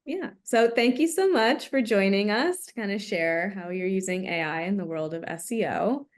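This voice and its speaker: A woman co-hosting a panel, speaking in a brisk, friendly casual way. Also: medium pitch. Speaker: host. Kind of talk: casual chat.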